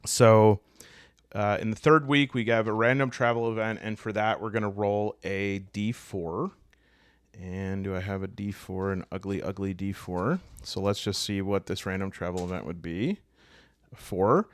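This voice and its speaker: Man, Midwestern accent, low voice, rambling rules walkthrough, joking asides, dry sound. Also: moderate pace, no echo. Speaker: game rules explainer. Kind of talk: solo tabletop rules walkthrough.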